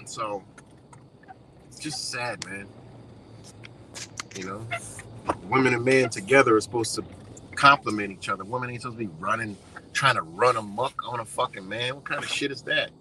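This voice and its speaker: A man's voice: mid-range voice, normal speed, long pauses, sharp tone, a little hiss or hum, low-quality recording. A man with a Western New York accent ranting casually to camera, blunt and profane, rambling with lots of fillers.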